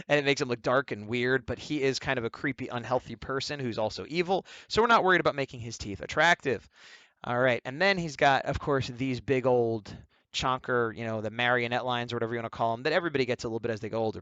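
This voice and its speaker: A man's voice: mid-range voice, fairly bright tone, no echo. Rambling, jokey man, dry close sound. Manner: rambling, jokey, self-mocking asides. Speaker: artist teaching drawing. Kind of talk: casual commentary while sketching.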